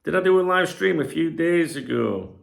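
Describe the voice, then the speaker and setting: Gravelly male host, middle-aged, rambling home chat with lots of swearing and a lively, bouncing delivery. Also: fairly high pitch, moderate pace. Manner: rambling, swears freely, loses his train of thought. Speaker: channel host. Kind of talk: casual rambling chat to camera. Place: home room where he streams.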